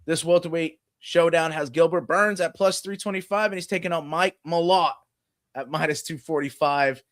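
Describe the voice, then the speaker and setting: Animated man talking sports bets. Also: a little high, moderate pace. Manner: animated, fillers like "you know". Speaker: podcast co-host. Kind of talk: casual sports betting chat.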